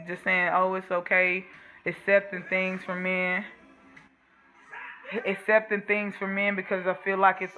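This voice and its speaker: A woman's voice: mid-range voice, bright, forceful tone, lo-fi sound. A woman vlogger talking straight to camera in a blunt, profane, fired-up rant. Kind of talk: casual monologue to camera.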